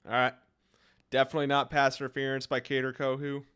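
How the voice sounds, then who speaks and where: A young man streaming live play-by-play reactions to a football game, calling the action and reacting excitedly, his voice starting to wear out. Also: medium pitch, quick pace, clean tone. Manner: excited commentary, reacting aloud to plays.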